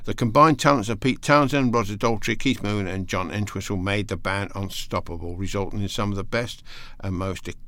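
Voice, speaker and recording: A man's voice: lowish voice, fairly quick, hardly any pauses, a bit bright, no room sound. A man presenting a casual music show, hesitant and rambling, losing his place in his notes and reading facts out between asides. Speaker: radio presenter.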